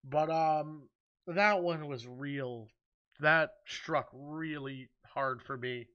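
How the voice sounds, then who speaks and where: Earnest young man with a bright voice. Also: on the high side, extremely slow, smooth, dull audio. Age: 20s. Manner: earnest and heartfelt, with frequent ums. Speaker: movie review vlogger. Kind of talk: casual ranking chat.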